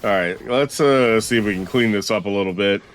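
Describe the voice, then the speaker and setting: Low-voiced gamer swearing casually. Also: male voice, fairly quick. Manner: blunt, swears casually, wry laughs. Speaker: streamer playing a video game. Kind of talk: casual gameplay commentary.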